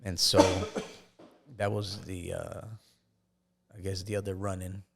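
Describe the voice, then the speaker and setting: Halting low-voiced man telling stories. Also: level tone, creaky, fairly bright tone. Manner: halting, with frequent restarts and fillers. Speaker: podcast guest. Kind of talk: casual personal storytelling.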